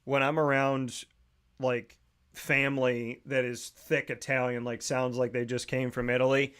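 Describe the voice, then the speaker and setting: A man hosting a casual talk show, telling lively stories and mentioning that he does impressions. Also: mid-range voice, a little slow, smooth. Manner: animated storyteller who does impressions. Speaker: show host.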